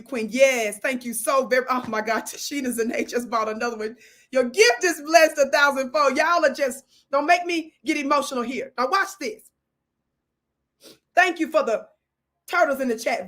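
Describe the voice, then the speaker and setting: High-voiced woman preaching to her chat. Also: fairly bright tone. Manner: preacher-like, calls out to audience, blesses viewers. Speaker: livestream host. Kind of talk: live-stream commentary reading chat.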